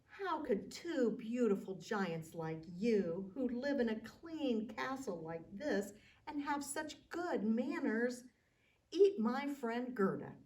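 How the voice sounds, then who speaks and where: A woman's voice: on the high side, very animated, slow pace, darkish tone, recorded from a distance, pitched above the performer's own voice. A woman voicing a clever, brave young butter maid who speaks confidently and persuasively.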